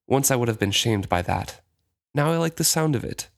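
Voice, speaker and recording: Weary bitter courtesan woman, read by a man, quiet and flat, middle pitch. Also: normal speed, vocal fry. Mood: quiet pleading.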